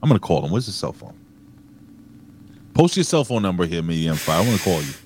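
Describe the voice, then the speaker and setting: A man co-hosting a wrestling review podcast in casual banter, blunt, profane and excitable. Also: deep voice, fast, slightly rough. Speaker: podcast co-host.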